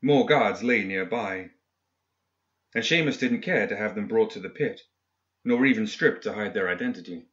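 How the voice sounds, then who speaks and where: A man narrating a dark fiction story in a measured, even scripted reading. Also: on the low side. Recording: dull lo-fi audio.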